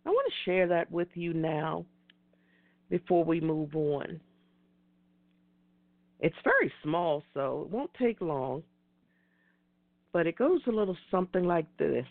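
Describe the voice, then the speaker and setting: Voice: mid-range voice, big pitch swings, unhurried, long pauses, no echo. A middle-aged host giving an earnest, emphatic motivational talk, repeating key phrases like a preacher. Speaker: host of an online talk show. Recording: dry tinny phone-like audio.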